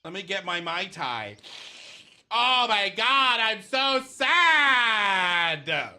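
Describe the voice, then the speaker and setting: A man putting on a mocking impression of a whiny, dramatic woman, in a drawn-out falsetto wail. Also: very animated, sharp tone, a little hiss or hum, exaggerated voice. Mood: mocking whine. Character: whiny, dramatic beach-going woman, mocked.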